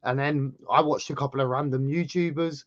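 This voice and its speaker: An English man with a sore throat, telling a travel story in casual chat as a channel host, animated and rambling. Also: fairly quick, dry recording, highs cut off. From England. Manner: chatty storyteller, animated swings in pitch and loudness.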